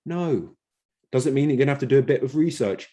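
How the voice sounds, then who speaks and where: A man's voice: medium pitch, lively intonation, fast, dark tone. A man hosting an investing channel, explaining a point to camera emphatically and repeating words for stress. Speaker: crypto channel host.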